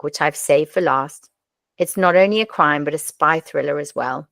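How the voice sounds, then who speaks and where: A woman's voice: deep voice, normal speed, creaky, fairly bright tone, no echo. A woman hosting a podcast, reviewing crime novels in a wry, self-deprecating scripted talk. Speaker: podcast host.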